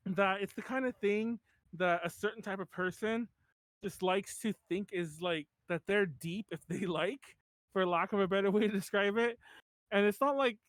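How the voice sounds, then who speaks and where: A man's voice: high voice, a bit bright, no echo. A man hosting a podcast in casual chat, rambling with many fillers and restarts. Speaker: podcast host.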